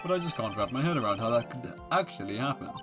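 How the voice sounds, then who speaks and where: A man's voice: mid-range voice, animated, fast, lightly acted. A man voicing an earnest young male defense lawyer who sounds doubtful, over game music.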